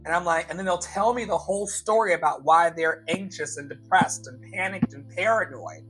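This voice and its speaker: A man coaching his listeners in a live motivational talk, repeating key lines slowly for emphasis and calling them beloved. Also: a little high, lively intonation, a bit bright, soft background music, low-quality recording. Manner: emphatic, slow repetitions for effect. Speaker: life coach and show host.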